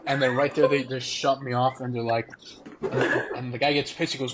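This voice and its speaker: A man's voice: medium pitch, moderate pace, heavy background noise. A young man in his twenties telling a funny story in casual podcast chat, laughing often as he goes. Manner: laughing, animated anecdote telling. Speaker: podcast guest.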